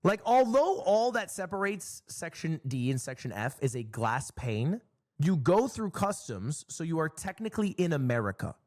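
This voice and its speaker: Animated young man telling a story. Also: a little high, normal speed. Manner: animated, exasperated, swears. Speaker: streamer. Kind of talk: casual storytelling.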